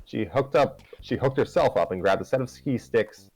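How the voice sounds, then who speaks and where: A man's voice: medium pitch, expressive, moderate pace, breathy edge, no echo, soft background music, poor audio. A man hosting and reading a story aloud live, narrating conversationally with self-corrections. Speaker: story reader and host.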